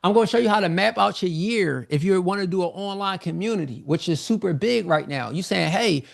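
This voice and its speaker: Gravelly-voiced man pitching a webinar. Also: brisk. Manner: energetic, repetitive, informal salesman talk. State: slightly out of breath. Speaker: online business coach hosting a live sales webinar. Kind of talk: live webinar sales pitch.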